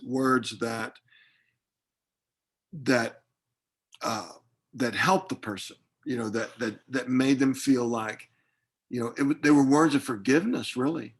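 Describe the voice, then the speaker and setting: A man's voice: mid-range voice, slow, breathy edge. A man speaking as a grief counselor in an online workshop, reflective and hesitant, with frequent fillers and restarts, heard over a video call.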